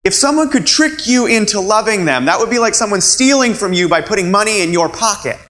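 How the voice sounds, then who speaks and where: A man preaching a sermon as a pastor, animated and acting out quoted voices. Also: high voice, a little fast, poor audio.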